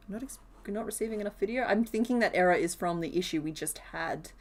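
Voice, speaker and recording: A woman's voice: mid-range voice, quick pace. A woman live-streaming as she crochets, chatting casually and rambling with frequent giggles and fillers.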